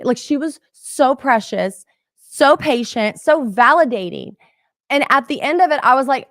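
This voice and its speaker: Animated, chatty middle-aged woman coach. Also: high voice, unhurried, dry recording, studio quality. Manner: animated, chatty, addresses audience as "you guys". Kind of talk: motivational teaching talk.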